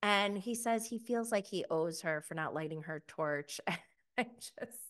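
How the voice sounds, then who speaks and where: Bright-voiced gossipy woman recapping. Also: fairly low pitch, unhurried. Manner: gossipy, laughs often, mocking quotes. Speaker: podcast host reviewing a reality show. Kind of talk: casual recap.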